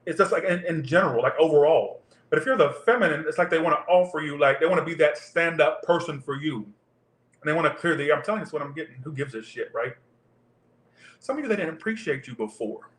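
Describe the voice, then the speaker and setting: A man's voice: on the high side, expressive, fast talker, a bit bright, roomy sound. A man giving a casual tarot reading, rambling off into profane tangents. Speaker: tarot reader.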